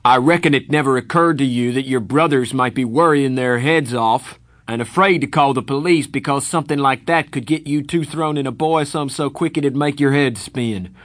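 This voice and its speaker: A man voicing a furious older brother yelling. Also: mid-range voice, normal speed, few pauses, no room sound, studio quality, pitched above the performer's own voice, lightly acted. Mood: furious scolding. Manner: shouting, rising anger, scolding. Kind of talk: audiobook character voice.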